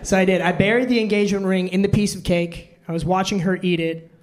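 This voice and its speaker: A man's voice: high voice, fairly even intonation, fast, background noise. A man in his twenties doing a self-deprecating stand-up routine on a club stage, telling awkward stories to a laughing audience. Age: 20s. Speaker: stand-up comedian.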